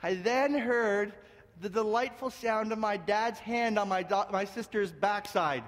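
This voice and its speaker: A man from Canada preaching as senior pastor, telling stories in an animated way, repeating words and swinging between hushed and loud. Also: sits high, measured pace, big-room sound. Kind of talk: sermon with storytelling. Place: church sanctuary.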